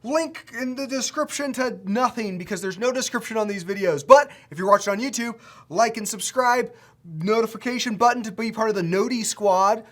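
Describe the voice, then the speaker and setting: In a laid-back screen-share video, a coding school instructor excitedly gushes over student projects, rambling with frequent restarts. He talks at a normal speed in a medium pitch.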